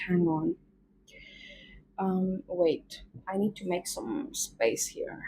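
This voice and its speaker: A woman's voice: on the low side, expressive, slow pace, mellow, slight background noise, low-quality recording. A woman with an Indian accent doing a casual tarot reading, chatty and rambling with many fillers. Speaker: tarot reader.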